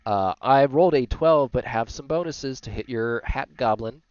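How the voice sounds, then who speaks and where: A man's voice: medium pitch, normal speed, a little mellow, clean tone, dry recording, lo-fi sound. A man serving as game master, explaining rules in a loose, rambling way with many fillers. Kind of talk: running a tabletop game, casual chat.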